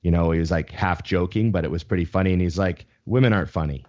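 This young man's voice is deep and a little mellow, moving quickly with little change in pitch. As a podcast co-host in casual chat, he rambles, swears freely and keeps restarting his sentences, all in slightly dull lo-fi audio.

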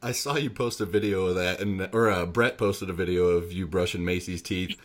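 A man hosts a relaxed podcast chat with a fairly low voice. He is upbeat, laughs easily and moves the talk along. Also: a little fast, a little hiss or hum. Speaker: podcast host. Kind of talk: casual chat.

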